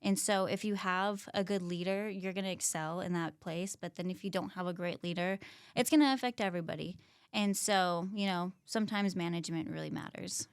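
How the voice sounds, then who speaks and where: A woman's voice: on the low side, steady tone, brisk, clean tone, dry recording, studio quality. A young woman, a personal trainer, chatting casually as a podcast guest with lots of fillers and quoted asides. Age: young adult. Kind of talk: casual chat.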